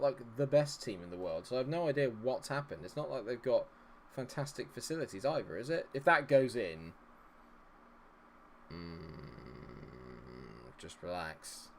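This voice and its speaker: A man's voice: medium pitch, very animated, normal speed, darkish tone, a little hiss or hum. A man streaming his own game, commentating live, exasperated, swearing and talking at the players on screen.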